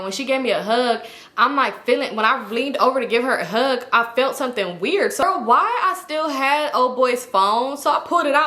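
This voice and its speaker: A young woman tells a story to her viewers in a lively, slangy and profane way. Her voice is bright and fairly high, and it rings in a roomy, echoey space. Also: brisk. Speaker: YouTuber telling a story. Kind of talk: casual storytime.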